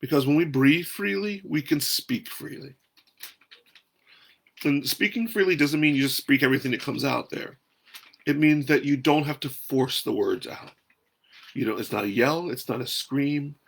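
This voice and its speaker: A man with a gravelly, slightly husky voice leads a slow, unhurried breathing talk. He speaks softly and calmly from somewhere outdoors, at an ordinary middle pitch. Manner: calm, soft-spoken, unhurried. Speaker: host.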